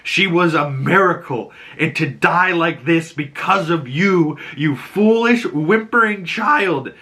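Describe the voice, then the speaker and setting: A man's voice: on the high side, expressive, slow pace, sharp tone, voice pushed up, heavily acted. A man voicing an angry young woman rebel, scolding someone in a raised, cursing voice. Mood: grieving fury.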